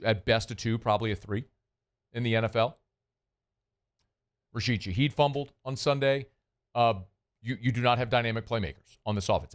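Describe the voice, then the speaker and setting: A man hosting a sports talk show, delivering a blunt, emphatic opinion monologue that hammers points with repetition. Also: on the low side. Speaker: sports radio host.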